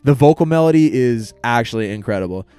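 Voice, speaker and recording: A man's voice: mid-range voice, animated, fast talker, dark tone, clean tone. A young man co-hosting a podcast, telling a story in casual chat, swearing freely and acting out what people said. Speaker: podcast co-host.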